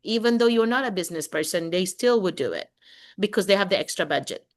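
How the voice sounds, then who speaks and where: A middle-aged woman from the Philippines, chatting casually and quickly on a video call as a teacher and host. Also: mid-range voice. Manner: talks fast when excited, lively, with laughs.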